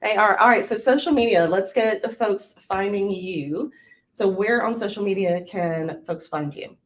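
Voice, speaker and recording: A woman's voice: medium pitch, moderate pace. A woman from South Louisiana with a light Southern accent, hosting a casual podcast interview and laughing often. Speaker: podcast host.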